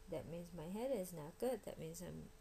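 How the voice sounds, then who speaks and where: Woman teaching vocabulary, gravelly low voice. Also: expressive, dark tone, slight background noise. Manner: explanatory, repeats each word slowly for drilling. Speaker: Korean language teacher. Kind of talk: recorded vocabulary lesson.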